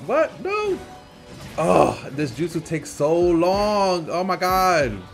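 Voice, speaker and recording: A man narrating his own match live, teasing opponents and laughing as he plays. His voice sits a bit high and swoops widely up and down. Faint game music plays underneath. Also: slow, gravelly. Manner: animated, playful trash talk with frequent laughter. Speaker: gaming channel host. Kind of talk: live gameplay commentary.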